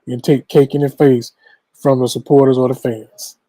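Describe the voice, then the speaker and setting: Mellow-voiced co-host, playful. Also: male voice, medium pitch, moderate pace, no room sound, low-quality recording. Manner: playful, animated banter. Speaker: podcast co-host. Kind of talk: casual sports talk.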